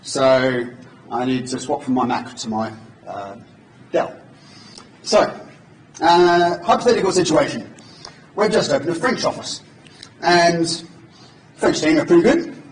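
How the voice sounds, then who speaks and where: A man's voice: fairly high pitch, expressive, unhurried, pauses often, a little hiss or hum. Man giving a joking live demo talk. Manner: informal and joking. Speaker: conference speaker. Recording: echoey hall from far off.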